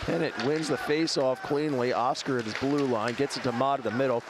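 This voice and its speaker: A man giving brisk, clipped play-by-play commentary on a live hockey game. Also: mid-range voice, fairly even intonation, noisy background.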